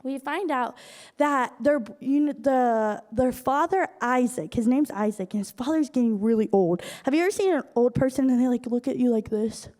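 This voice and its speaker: A young woman giving a casual sermon as a youth speaker, chatty and animated with slangy asides. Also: high voice, moderate pace. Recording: echoey hall.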